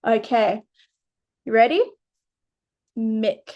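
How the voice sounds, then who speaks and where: A woman's voice: on the high side, fairly even intonation, extremely slow, a little mellow, highs cut off. An Australian woman tutoring a child through a phonics lesson, patient and encouraging. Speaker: reading tutor.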